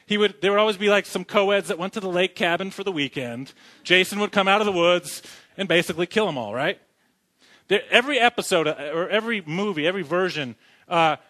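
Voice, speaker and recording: High, bright-voiced man preaching a sermon. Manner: asks the congregation questions, jokes as he talks. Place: church sanctuary.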